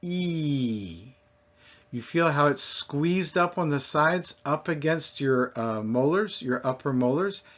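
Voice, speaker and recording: Slow-spoken male French teacher. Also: on the high side, a bit bright. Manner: slow, deliberate, modeling sounds for learners to repeat. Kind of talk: pronunciation lesson. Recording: dull lo-fi recording.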